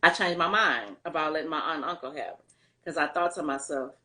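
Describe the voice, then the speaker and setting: A middle-aged woman with a somewhat low voice speaks as an interview guest. She tells her personal story in a loose, conversational way, with plenty of fillers and relaxed Southern phrasing. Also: fairly quick.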